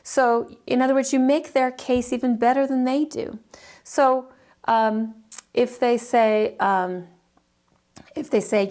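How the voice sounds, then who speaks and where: A middle-aged woman gives an informal lesson on counseling skills, her voice sitting a little high. She talks in a loose, chatty way, full of fillers and restarts, and acts out short sample exchanges as she teaches. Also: fairly even intonation, a little slow, a little mellow. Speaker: counseling instructor.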